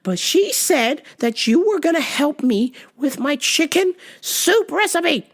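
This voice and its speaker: A woman's voice: expressive, takes it slowly, full character voice. A woman voicing an insistent, confused woman customer calling a store on the phone. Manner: shrill, insistent.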